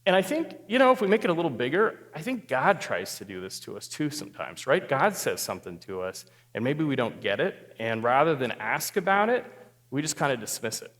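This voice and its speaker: A man from Sioux Falls giving a marriage talk to a group, telling a self-mocking story with lively humor before turning to advice. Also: fairly quick, big-room sound. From Sioux Falls, South Dakota. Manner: animated storyteller, self-mocking humor, gets louder and higher at climaxes. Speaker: marriage therapist speaking at a church group.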